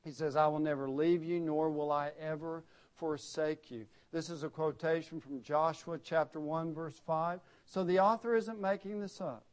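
Fairly high-voiced man preaching with dramatic dynamics. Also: fairly even intonation, moderate pace. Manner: swings from loud emphatic peaks to hushed, low solemn drops. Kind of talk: sermon.

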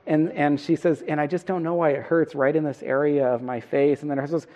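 A man's voice: a little high, fairly even intonation, very fast, hardly any pauses, a little mellow. A middle-aged man preaching a sermon, earnest and self-deprecating, putting questions to the congregation. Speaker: pastor.

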